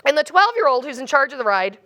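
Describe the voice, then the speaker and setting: A woman keynote speaker with a high, bright voice, telling a comic personal story with lots of energy. Her delivery is animated and self-mocking. Her pitch jumps around a lot. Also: quick pace.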